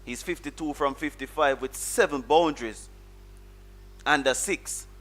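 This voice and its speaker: A Caribbean man in the commentary box, talking through the tactics of a live cricket match in a steady, measured way. His voice sits at an ordinary middle pitch. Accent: Caribbean English. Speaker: cricket analyst.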